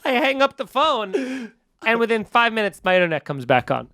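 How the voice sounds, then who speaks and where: A man hosting a comedy podcast, telling a story with animated ranting and frequent laughter on a close mic. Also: extremely high pitch, moderate pace, no echo.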